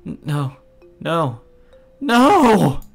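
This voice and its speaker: A man voicing a terrified teenage girl trapped in a cell, pleading frantically in a shrill voice. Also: expressive, slow, vocal fry, fairly bright tone, faint music behind, heavily acted. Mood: frantic pleading.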